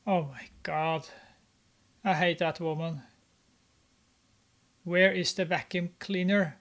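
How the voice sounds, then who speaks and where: A man with a fairly high voice talks over a movie at an unhurried pace. His commentary is casual and sarcastic, mocking what he sees with plenty of hesitant "uh" fillers. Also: steady tone, fairly bright tone. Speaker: movie reviewer.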